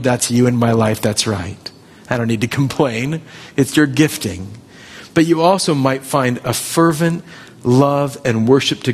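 A man pastor giving a lively sermon to his church, acting out quoted voices. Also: fairly high pitch, breathy edge. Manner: animated, acts out quoted voices. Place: church hall. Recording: long hall reverb.

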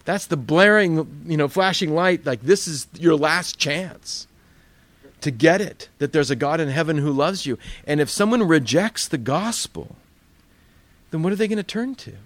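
A man's voice: medium pitch, dry recording. Plainspoken male pastor, dry sound. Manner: conversational, plainspoken storytelling. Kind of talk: sermon.

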